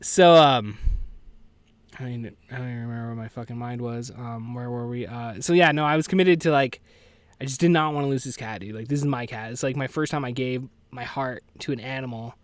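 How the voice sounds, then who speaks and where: A man with a mid-range, clear and resonant voice speaks briskly in a dry recording, hosting a solo podcast from home with farm animals nearby. He's subdued and grieving, rambling casually, cursing often, and peppering his talk with "dude" and "like".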